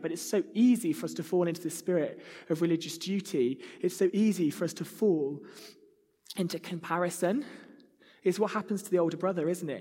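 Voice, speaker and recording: A man's voice: high-pitched, a little fast, mellow. A man preaching a sermon, earnest and conversational, now and then acting out a whiny child. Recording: reverberant hall.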